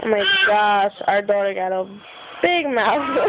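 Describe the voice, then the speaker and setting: A woman's voice: medium pitch, lively intonation, measured pace, dull audio, very noisy. A mother at home filming her baby on a phone, coaxing in sing-song baby talk and laughing often. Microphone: phone camera.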